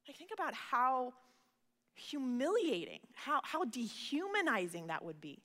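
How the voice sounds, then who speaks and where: A woman preaches in a high, bright voice that carries through a reverberant hall. She talks earnestly and conversationally, often doubling words as she begins a thought. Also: big pitch swings, unhurried. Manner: earnest, conversational, repeats words when starting phrases. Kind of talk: sermon.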